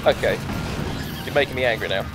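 A man's voice: mid-range voice, a little fast, loud music behind the voice. A man casually commenting on his gameplay, sarcastic, easily annoyed and swearing a lot. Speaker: let's play gamer.

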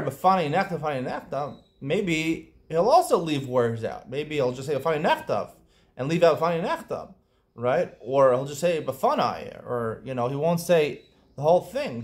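A man teaching a Talmud lesson, explaining quickly and lifting into a chanting lilt on quoted Aramaic, with frequent restarts. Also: a little high. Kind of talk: daf yomi study lesson.

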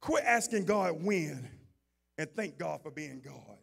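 A man preaching a sermon as pastor, moving from low, conversational talk to shouted, fervent preaching. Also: expressive, slow pace, gravelly, slightly rough.

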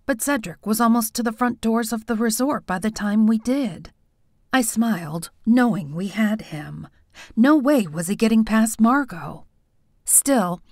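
A woman narrates a first-person mystery audiobook in a bright, higher voice whose pitch rises and falls expressively. The reading is animated. The studio sound is dry and close. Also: no echo.

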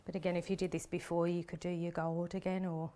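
On a live stream, a craft demonstrator shows how to make cards, chatting away while her hands stay busy. Her voice is on the low side and dark in tone, level in delivery, and quick.

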